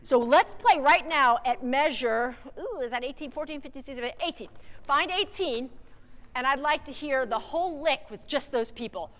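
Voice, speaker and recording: A woman's voice: high voice, normal speed, a bit bright. Woman clinician in a reverberant theatre. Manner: sings rhythms on syllables and counts the band in. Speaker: band clinician. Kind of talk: rehearsal instruction. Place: theatre stage with a wind band. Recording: long theatre reverb with band playing.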